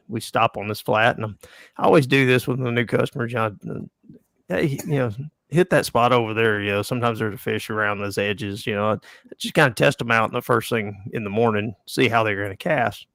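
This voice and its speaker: A man who guides fishing trips tells an anecdote about a customer in an easygoing, wry way. His voice has a gravelly texture at a middle pitch. The sound is dry and close, with no room sound. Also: fairly even intonation, brisk, fairly bright tone, no room sound. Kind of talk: casual storytelling chat.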